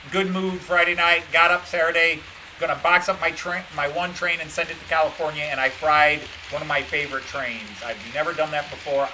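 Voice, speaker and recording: A man's voice: fairly high pitch, noisy background. A man chatting casually on a live stream about his model trains, rambling and dejected, blaming himself. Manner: rambling and meandering, dejected and self-critical.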